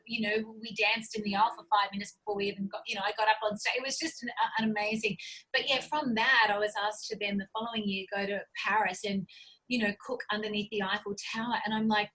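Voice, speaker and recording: A woman's voice: medium pitch, flat delivery, quick pace, bright, forceful tone, poor audio. A middle-aged Australian woman telling stories as an interview guest, effusive and full of "like" and "you know" fillers. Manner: effusive, gushing storyteller with many fillers. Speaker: guest, cookbook publisher. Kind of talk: casual interview talk.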